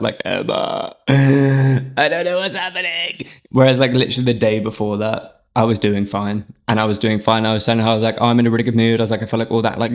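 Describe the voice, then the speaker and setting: Chatty young man, low voice. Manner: chatty, rambling, sweary, lots of "like". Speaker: podcast host. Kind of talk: candid personal storytelling.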